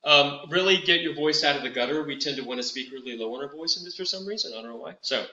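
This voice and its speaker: A middle-aged man leading a vocal warm-up as a voice teacher, patient and instructive, slowing down to over-articulate the drills. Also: a little high, reverberant, dull audio.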